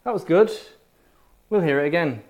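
Brief: a man voicing a politely indifferent churchgoer, high and singsong, breezy. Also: animated, moderate pace, highs cut off, lightly acted.

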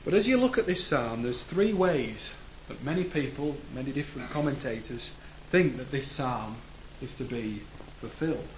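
A man preaching a sermon in a church, earnest, rising to emphatic declarations and letting phrase ends fall low. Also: expressive, moderate pace, hardly any pauses. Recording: echoey room with faint background noise.

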